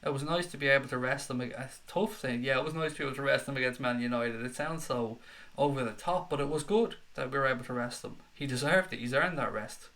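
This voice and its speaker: A young man hosting a football fan live stream, chatting excitedly and reading out viewer comments. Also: medium pitch, fast. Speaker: football fan channel host. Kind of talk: live-stream chat reaction.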